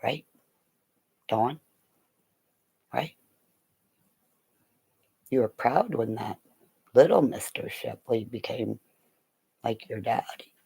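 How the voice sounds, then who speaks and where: A middle-aged woman talks in a loose, rambling monologue at an unhurried pace. Her voice is gravelly with a creaky edge, and she swears freely and slips into whispers mid-thought. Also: a bass voice, warm tone. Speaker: vlogger.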